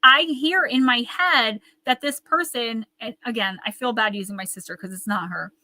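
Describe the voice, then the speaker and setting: Woman, live oracle reader, earnest and encouraging; crisp bright voice, dry close sound. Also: fairly high pitch, moderate pace, dry recording, low-quality recording. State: tearing up.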